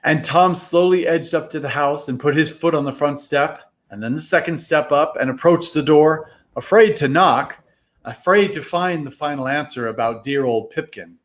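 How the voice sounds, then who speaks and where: Guy reading a story aloud, kinda high voice, dramatic and expressive. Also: normal speed.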